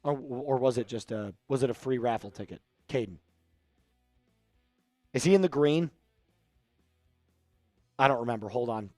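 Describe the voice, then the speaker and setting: A man's voice: mid-range voice, normal speed, long pauses, a little mellow, dry recording, studio quality, soft background music. A man hosting a casual live stream, joking around and reading out viewer messages. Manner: joking, reads out viewer chat. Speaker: livestream host.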